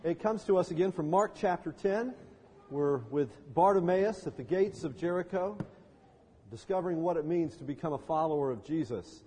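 A man preaching a sermon and reading scripture aloud in a measured, earnest way, recorded in a church sanctuary. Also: sits high, mellow, breathy edge. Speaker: pastor. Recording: long reverb of a large hall.

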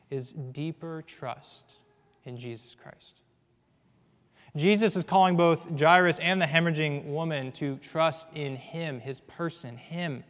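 Earnest preacher in a reverberant hall. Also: male voice, a little high. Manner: earnest, swings from hushed to loud and emphatic. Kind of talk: sermon. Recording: long reverb of a large hall.

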